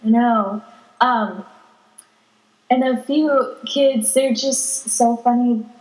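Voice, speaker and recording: Teen girl, casual chat, giggly, animated stories, slow, roomy echo. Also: fairly high pitch. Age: teenager. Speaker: podcast guest. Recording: echoey room.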